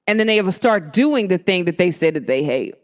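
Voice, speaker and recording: A young woman with a New Jersey–New York accent hosting a solo podcast, talking in an animated, emphatic and slangy way. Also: fairly low pitch, a little fast. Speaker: podcast host. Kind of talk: casual solo podcast monologue.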